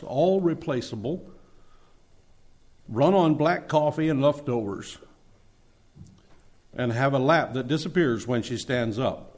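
A man's voice: on the high side, darkish tone. A man voicing God, a patient and proud male creator, while reading a story aloud in a sermon. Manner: earnest storytelling read-aloud.

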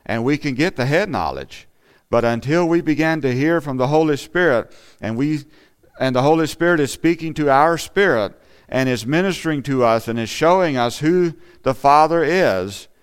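Earnest man preaching in a smooth voice. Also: a little high. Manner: earnest, conversational, with frequent "you know". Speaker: lay preacher. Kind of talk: sermon. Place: church.

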